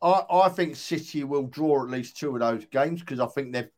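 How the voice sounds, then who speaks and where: A man's voice: medium pitch, normal speed, darkish tone. A man co-hosting a football podcast, teasing his friends and making his points emphatically. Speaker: podcast co-host. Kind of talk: casual football chat.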